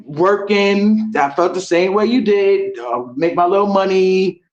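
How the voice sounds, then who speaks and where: A woman's voice: medium pitch, a little slow. New woman calling in, lo-fi phone. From New York. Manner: chatty, storytelling. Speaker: caller. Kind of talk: casual phone call chat. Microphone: phone call. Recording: dull lo-fi phone call.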